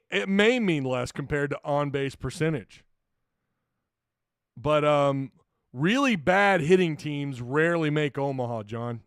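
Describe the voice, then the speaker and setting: A male sports talk host who rambles and chuckles his way through a casual livestream. His voice sits a bit high for a man, and the sound is dry and close, with no room echo. He pauses for sponsor reads and viewer comments. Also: smooth. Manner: rambling, chuckling often, self-deprecating.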